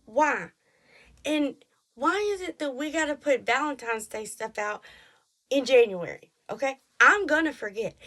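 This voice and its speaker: A woman's voice: mid-range voice, fairly bright tone. Rambling Texan woman podcaster. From Texas. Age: 30s. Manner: rambling, self-deprecating, quick asides and mock voices. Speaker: podcast host. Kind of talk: casual chat.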